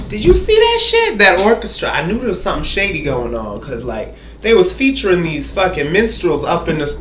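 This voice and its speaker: A sassy man rambles through a comedic TV recap in a high, swooping voice, cursing freely and calling out to the viewer. His voice rings in a roomy space with faint background hum. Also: a bit bright.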